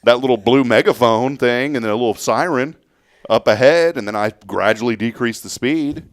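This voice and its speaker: A man's voice: mid-range voice, moderate pace, dry recording. A man hosting a morning show, chatting casually, joking and rambling with frequent restarts. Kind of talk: casual chat.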